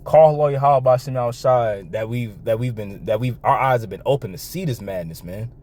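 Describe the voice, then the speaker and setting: A man giving a reaction commentary and reading scripture, talking in an animated way with repeated words, restarts and laughs between remarks. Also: mid-range voice, fairly quick, slight background noise. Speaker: online commentator.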